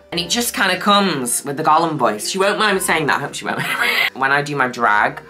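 Deep-voiced, gushing woman makeup vlogger. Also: lively intonation, a little fast, bright, forceful tone, soft background music. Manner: gushing, cheeky, chatty. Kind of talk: casual makeup review.

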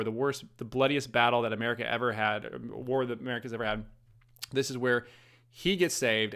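A man's voice: medium pitch, fairly bright tone. Male host, mid-range voice, loose eager delivery full of fillers. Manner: rambling, eager, lots of fillers. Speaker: podcast host. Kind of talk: casual commentary.

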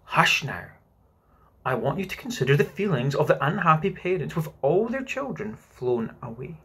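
A man's voice: on the high side, very animated, normal speed, husky, full character voice. A man voicing a motherly young girl telling a bedtime story, coaxing and patient, sighing at interruptions. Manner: gently coaxing, sighs at interruptions.

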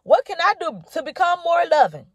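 A woman's voice: extremely high pitch, sing-song, brisk, no room sound. A woman minister preaching to camera with impassioned, rhythmic repetition, calling the listener honey and baby. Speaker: minister giving a prophetic word.

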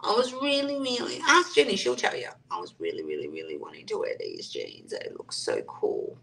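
A woman's voice: rumbling low, sing-song, moderate pace, gravelly, fairly bright tone. A woman hosting a live stream, chatting casually and reading out viewer comments and answering them. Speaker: livestream host.

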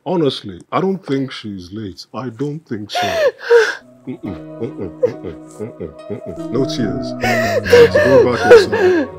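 An actor with a Nigerian accent playing a devout husband consoling his wife, speaking in a gentle, pleading, reassuring way. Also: mid-range voice, huge pitch swings, slow pace, over music. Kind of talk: film drama acting.

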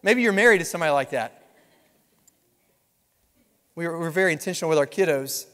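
A man preaching a sermon as pastor, lively and conversational with touches of humor. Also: on the high side, fairly quick. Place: large church sanctuary. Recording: long reverb of a large hall.

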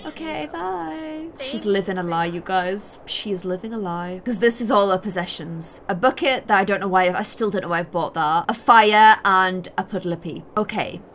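A woman's voice: fairly low pitch, normal speed, hardly any pauses, fairly bright tone, slight background noise. A young woman commenting on her own life-sim gameplay in a chatty, giggly, self-mocking way. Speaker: gaming YouTuber. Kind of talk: Let's Play commentary.

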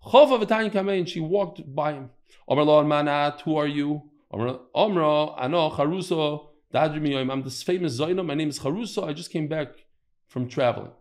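Man, Talmud teacher, lively storyteller, slightly high voice, acts out quotes. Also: fairly quick. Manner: lively storytelling, acting out quotes, mixing Hebrew and Yiddish terms. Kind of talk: daily Talmud class.

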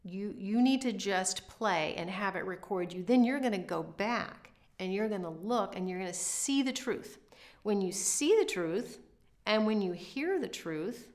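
A woman's voice: mid-range voice, animated, measured pace. Earnest woman teaching violin. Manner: earnest, encouraging, emphatic. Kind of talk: instructional talk to camera.

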